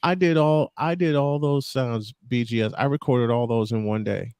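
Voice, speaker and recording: A man's voice: mid-range voice, normal speed, darkish tone, smooth, no room sound. A man hosting a casual talk show, telling stories with frequent laughs and restarts. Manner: laughing, storytelling, repeats himself. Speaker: show host. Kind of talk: casual podcast chat.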